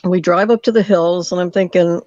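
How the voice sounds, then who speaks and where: A caller on a call-in show tells a story in a lively way, acting out the lines of the people in it. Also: mid-range voice, moderate pace, no room sound. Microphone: phone call. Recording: dull dry phone line.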